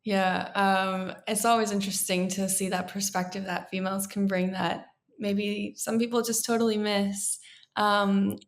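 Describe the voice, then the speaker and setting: A woman's voice: medium pitch, level tone, a little slow. A woman hosting a podcast interview, asking short questions and offering brief listening sounds. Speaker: podcast host.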